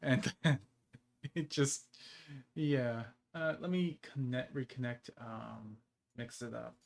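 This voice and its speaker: A man's voice: mid-range voice, steady tone, takes it slowly, creaky, a little hiss or hum. Man, game streamer, casual rambling chat, frequent chuckles, mid-range voice. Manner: rambling, laughs often between phrases.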